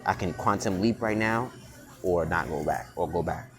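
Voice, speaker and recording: A man's voice: low voice, normal speed. A man vlogging in a blunt, profane, unscripted monologue, often restarting and repeating words. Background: music.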